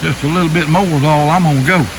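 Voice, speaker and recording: A man's voice: a little high, fairly even intonation, fast, background noise. An older man, rambling in a folksy way while filming himself hiking a wooded trail, a little out of breath. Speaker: RV vlogger. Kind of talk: casual hiking vlog narration. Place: wooded trail outdoors by a waterfall. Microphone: handheld camera while hiking.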